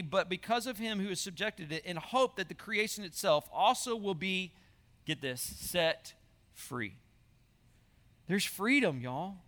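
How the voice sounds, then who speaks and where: A man's voice: sits high, sharp tone. Earnest man preaching in a hall. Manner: earnest, repetitive preaching, addresses listeners as y'all. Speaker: high school pastor. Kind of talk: sermon.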